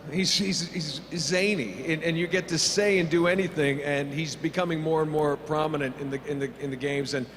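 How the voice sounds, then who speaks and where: A man's voice: fairly high pitch, steady tone, normal speed, hardly any pauses, fairly bright tone. A middle-aged male voice actor answering fan questions on a convention panel, joking and rambling with many fillers. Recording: reverberant convention hall, faint hum.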